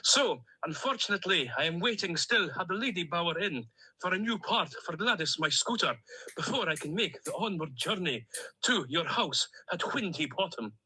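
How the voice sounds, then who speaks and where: A man's voice: high voice, lively intonation, normal speed, sharp tone, slight background noise, heavily acted, low-quality recording. A man voicing a chatty plastic male duck with a Stornoway accent, who tells long, jolly, rambling stories in a comic voice-note monologue. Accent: Scottish, Stornoway.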